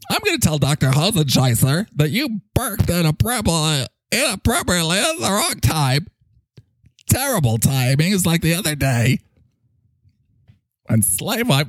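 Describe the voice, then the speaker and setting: A man's voice: on the high side, husky, no echo. A man doing improvised comedy banter, ranting with theatrical mock indignation.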